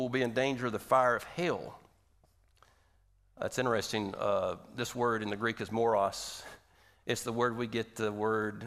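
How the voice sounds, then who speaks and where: A male pastor giving a sermon in a conversational, animated way, asking the audience rhetorical questions. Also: medium pitch, creaky.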